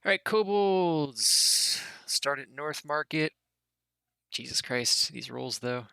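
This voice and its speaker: A man runs a tabletop game as dungeon master, narrating loosely and halting now and then to mouth sound effects. His voice is gravelly with a bright, forward edge. The recording sounds dry and close. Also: on the high side, animated, dry recording.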